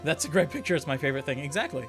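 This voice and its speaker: A man streaming a game with a friend, joking around in casual chat and quick to put on silly voices. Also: on the high side, sing-song, over music. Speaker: let's play streamer.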